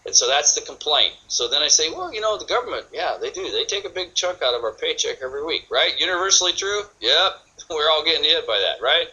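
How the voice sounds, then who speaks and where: A man's voice: fairly high pitch, lively intonation, a little fast, pushed and bright, dull audio. A man from California giving a sales training seminar, acting out both sides of sample conversations.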